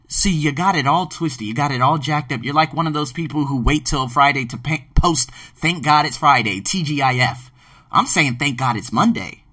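A man's voice: fairly high pitch, normal speed, bright, forceful tone, no room sound, recorded from a distance. A man from Philadelphia, hosting a podcast in an emphatic, casual monologue that carries some swearing. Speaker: podcast host and ESL teacher.

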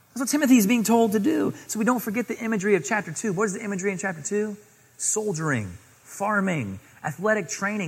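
A man's voice: a little high, slightly rough, in a large hall. A man preaching a sermon, reading scripture aloud and exhorting earnestly. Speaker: pastor.

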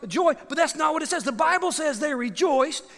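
Animated preacher man in an echoing hall. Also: very high-pitched, fairly quick. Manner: animated, swings from loud to hushed, repeats phrases. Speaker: pastor. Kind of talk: sermon. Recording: long hall reverb.

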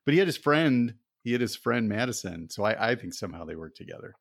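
A man's voice: medium pitch, expressive, fast, vocal fry, no room sound, studio quality. A man co-hosting a casual podcast chat, rambling and laughing as he talks. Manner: laughing, rambling, trails off softly. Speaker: podcast co-host.

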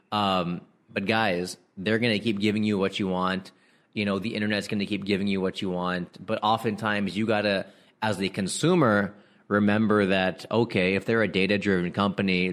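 A young comedian with a somewhat low voice riffs casually to his listeners. He talks in slang, laughs mid-sentence and breaks into quick impressions of other people. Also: a bit bright. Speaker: comedian podcast host. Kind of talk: casual comedic riffing monologue.

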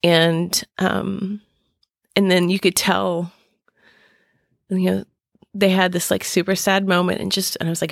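A middle-aged woman hosting a podcast, speaking haltingly with many fillers and restarts as she searches for words. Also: fairly low pitch, level tone, gravelly, dry recording, studio quality. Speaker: podcast host. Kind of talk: personal podcast talk.

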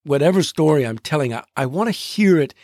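A man hosting a podcast, narrating in a deliberate way and drawing out rhythms as he explains them. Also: fairly high pitch, expressive, darkish tone, no room sound, clean studio sound. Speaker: podcast host.

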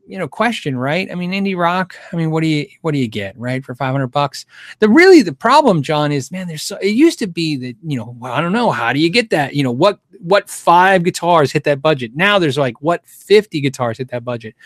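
A man's voice: a little high, sing-song, fairly quick, fairly bright tone, no echo, clean studio sound. A middle-aged man hosting a casual livestream Q&A, rambling and thinking aloud with frequent restarts and chuckles. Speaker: guitar show host answering viewer questions.

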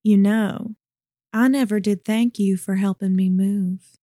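A woman's voice: medium pitch, steady tone, unhurried, no room sound, studio quality, close to an everyday voice. A woman playing a sultry, coaxing seductress. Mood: seductive. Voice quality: soft and sultry, calls him honey and sugar. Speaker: voice actor. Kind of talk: audio drama acting.

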